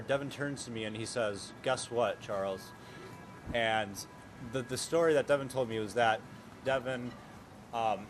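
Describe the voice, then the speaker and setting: A young man telling a travel story at a hostel in a measured way, pausing on many "uh"s. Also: mid-range voice. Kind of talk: casual storytelling. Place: hostel common area. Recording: noisy background.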